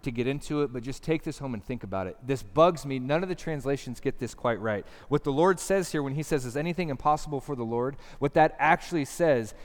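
A man preaches in a relaxed but emphatic way, his voice sitting at an ordinary middle pitch. He asks the congregation one question after another. His words ring out with a long reverb, as in a big hall. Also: brisk, hardly any pauses. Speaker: pastor. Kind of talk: sermon. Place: church hall.

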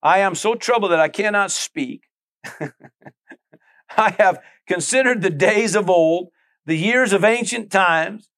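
A man's voice: high voice, unhurried, long pauses, a bit bright. A middle-aged male pastor preaching a conversational sermon, full of asides, repeated phrases and calls to the listeners.

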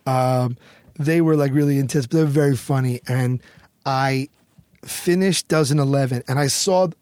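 A middle-aged American man telling a story as a guest in an interview, animated and quick to act out what others said. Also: mid-range voice, no room sound. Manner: animated storyteller, acts out quotes, swears freely.

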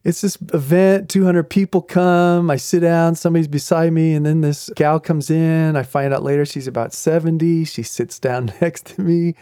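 Male podcast host, fairly high voice, mellow tone, chuckling, animated faith storyteller. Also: normal speed, few pauses, clear, resonant tone, dry recording, clean studio sound. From New England. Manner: animated, chuckling storyteller who acts out quotes. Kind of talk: faith-based storytelling talk.

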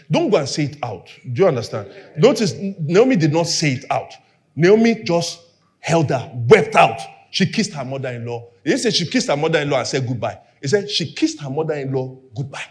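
Animated man preaching with a high voice. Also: a little fast. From Nigeria. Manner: animated, acts out quoted dialogue; drops to near whispers for emphasis. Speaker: pastor. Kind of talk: sermon.

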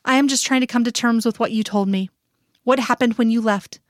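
A woman voicing a gentle, concerned man speaking softly on the phone in an audiobook reading. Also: fairly high pitch, fairly even intonation, fairly quick, no echo, clean studio sound, lightly acted. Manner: soft, concerned.

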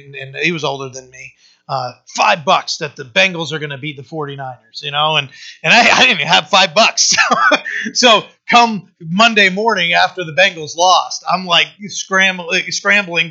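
A male pastor preaching a conversational sermon, often pausing with fillers and restarting his sentences. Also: on the high side, sharp tone, muffled recording.

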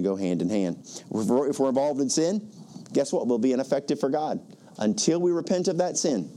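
A man in his fifties delivers a sermon in an emphatic preaching manner, often repeating himself for effect. His voice sits slightly high for a man, with a warm, mellow tone. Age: 50s. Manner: emphatic preaching, repeating "guess what?" and quoting scripture. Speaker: pastor.

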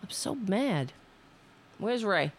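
Gravelly, animated woman hosting a livestream. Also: medium pitch, slow. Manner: profane, self-scolding, rambling. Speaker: livestream host. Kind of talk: casual livestream chat.

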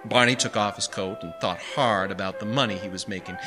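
A man's voice: on the low side, animated, fairly quick, hardly any pauses, sharp tone. Man narrating a story over music.

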